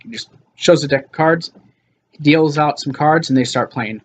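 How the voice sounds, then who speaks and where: A man's voice: medium pitch, moderate pace, highs cut off, a little hiss or hum. A man recapping a TV episode in a loose, casual way, with lots of fillers and quoted lines. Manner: loose retelling with many fillers and quoted asides.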